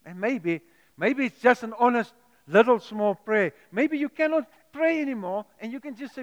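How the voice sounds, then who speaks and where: A man's voice: very high-pitched, lively intonation, normal speed, highs cut off. A man preaching a sermon, earnest and pleading, often repeating and restarting his words. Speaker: pastor. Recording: echoey hall with long reverb.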